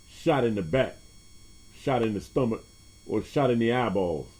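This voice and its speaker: A man's voice: on the low side, mellow. A man hosting his own podcast in a loose, profane monologue, laughing often and jumping between topics. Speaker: podcast host. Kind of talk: casual monologue.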